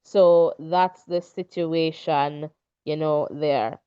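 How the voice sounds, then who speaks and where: Slow-talking woman host. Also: low-pitched, steady tone, warm tone, clear, resonant tone. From Jamaica. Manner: reads lists of names, with fillers. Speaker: show host. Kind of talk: casual talk show commentary. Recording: dull lo-fi recording.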